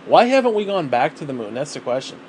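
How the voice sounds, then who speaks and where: Man, solo vlog rant, swears a lot, rambling, somewhat high-pitched, faint background hum. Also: sing-song, fast. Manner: profane, rambling and exasperated. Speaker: vlogger.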